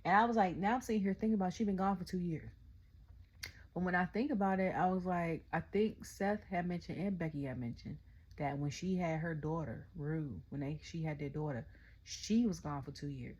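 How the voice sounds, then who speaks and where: A young adult woman, ranting casually about a wrestling event, telling it in animated quotes and often asking "okay?". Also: fairly low pitch, brisk, slightly rough, highs cut off. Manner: animated storytelling, quotes her own reactions, frequent "okay?". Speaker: wrestling review vlogger. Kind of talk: casual rant.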